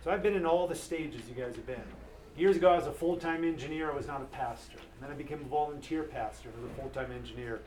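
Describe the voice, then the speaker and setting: A man in his thirties preaching an earnest, animated sermon to a men's group as pastor. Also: on the high side, fast, slight background noise. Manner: earnest, animated, acts out quoted voices.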